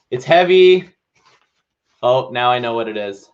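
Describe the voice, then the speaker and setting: A man's voice: mid-range voice, expressive, unhurried, clear, resonant tone. A young man chatting playfully in a casual vlog and reading his own writing aloud. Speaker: vlogger. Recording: slightly dull lo-fi sound.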